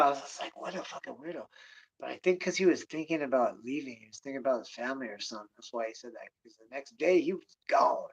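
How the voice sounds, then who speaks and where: A man telling rambling stories in a casual rant, swearing constantly and sliding between mutters and loud bursts. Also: mid-range voice, fast talker. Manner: drops to a mutter, then rises in bursts. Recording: dull lo-fi recording.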